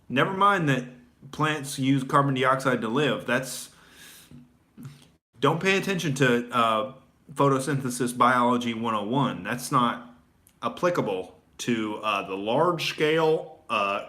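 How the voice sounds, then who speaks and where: Male comedian host, sarcastic ranting delivery, bright tense tone. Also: medium pitch, animated, takes it slowly. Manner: sarcastic, mocking, rambling with many fillers. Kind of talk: comedic political rant.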